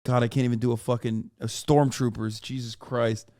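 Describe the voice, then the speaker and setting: A man's voice: medium pitch, little pitch movement, normal speed, dark tone, no room sound, clean studio sound. A male streamer giving casual, profane, incredulous commentary as he reacts to a show.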